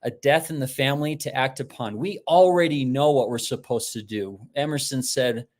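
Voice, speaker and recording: A man speaking live as a motivational speaker, with an ordinary mid-range pitch. He tells stories in an animated way and acts out the voices he quotes. He talks in a loose, conversational way and restarts his sentences often. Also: normal speed. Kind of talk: live-streamed motivational talk.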